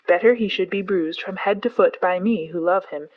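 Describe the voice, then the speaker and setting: A woman's voice: on the low side, moderate pace, dry recording, muffled recording, natural voice. Woman doing Baloo, an earnest old bear teacher. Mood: earnest lecturing. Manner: earnest, lecturing, fond.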